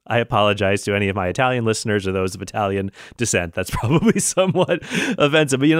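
Brief: male podcast host, earnest and reasoning, average pitch, dry close sound, frequent restarts. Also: quick pace, hardly any pauses, no echo. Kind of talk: solo podcast commentary.

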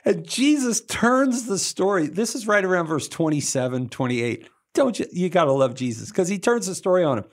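A man teaching a Bible passage in a relaxed, conversational way, with playful slangy asides and lively acted-out quotes. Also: sits high, moderate pace, few pauses. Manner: animated, acts out the crowd and Jesus in quoted voices.

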